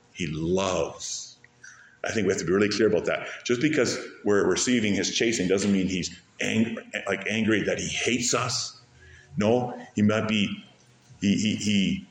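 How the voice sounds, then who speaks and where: A man preaching a sermon as pastor, with animated delivery that rises sharply to stress key words. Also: lowish voice, echoey room.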